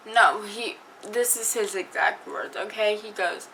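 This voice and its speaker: Woman vlogger for a storytime video: slow delivery, bright tone, chatty, acts out the other people's lines. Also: medium pitch, a little hiss or hum, poor audio. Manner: chatty, lots of fillers, acts out quoted dialogue. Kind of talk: casual storytime vlog.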